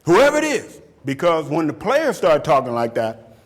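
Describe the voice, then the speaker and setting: A football coach in his fifties gives a motivational talk. His voice sits a touch high and leaps around with great animation, and he keeps restarting and repeating words to drive a point home. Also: normal speed. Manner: animated, acts out shouted quotes, laughs often. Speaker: football coach speaking at a camp.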